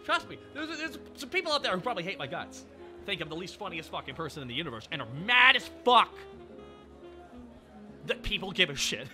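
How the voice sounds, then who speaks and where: A male streamer chatting casually and excitably, laughing often and swearing freely. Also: high voice, brisk, faint music behind. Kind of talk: casual chat.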